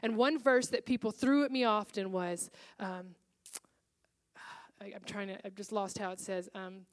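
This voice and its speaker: A woman's voice: medium pitch, expressive, measured pace. A woman pastor preaching to a congregation in a church, telling a personal story in an earnest, emotional way. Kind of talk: sermon with personal testimony.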